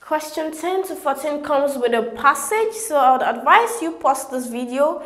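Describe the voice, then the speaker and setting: A woman's voice: high-pitched, expressive, normal speed, fairly bright tone, echoey room. A woman, working through exam questions as a tutor and reading each option in turn. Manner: methodical, reads options one by one.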